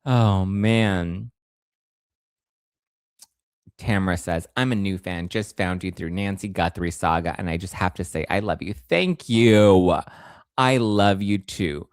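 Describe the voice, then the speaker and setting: Guy hosting a gossip show, sarcastic and animated, lowish voice w squeaky outbursts. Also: takes it slowly, clear, resonant tone, dry recording, clean studio sound. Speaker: host. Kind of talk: casual commentary.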